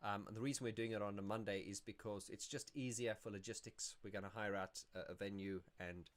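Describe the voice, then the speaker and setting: A man's voice: on the low side, steady tone, fairly quick. Chatty man hosting a livestream. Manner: chatty and rambling, laughs often, many restarts. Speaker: YouTube channel host. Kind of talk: casual livestream Q&A.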